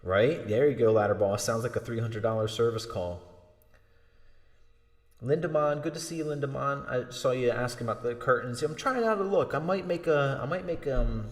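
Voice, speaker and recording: Rambling man chatting on a livestream. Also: mid-range voice. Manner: rambling, chuckling, quick asides. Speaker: livestream host and musician. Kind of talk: casual livestream chat. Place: home room. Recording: roomy reverb, guitar music.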